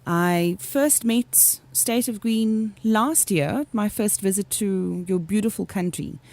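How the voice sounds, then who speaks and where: A woman's voice: medium pitch, slow, a little mellow. A woman hosting a radio show, giving friendly scripted introductions and questions to her guest. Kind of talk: radio interview.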